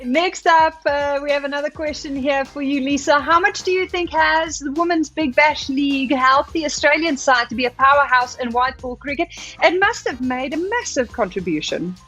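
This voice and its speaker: A woman's voice: high-pitched, normal speed, fairly bright tone. A woman hosting a cricket show, reading out viewer questions in upbeat scripted links. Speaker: host. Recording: slightly dull lo-fi with music bed.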